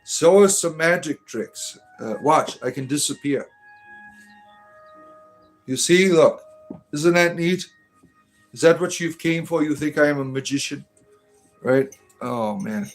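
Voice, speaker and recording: A man's voice: fairly high pitch, measured pace, long pauses, faint music behind. A man hosting a livestream, reading chat aloud and answering with crude, sarcastic humor and preachy rants.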